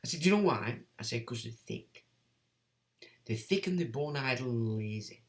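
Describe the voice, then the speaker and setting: A man's voice: medium pitch, lively intonation, moderate pace, roomy sound. A man hosting a livestream, reading chat comments and ranting in a blunt, sweary, sardonic way. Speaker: livestream host.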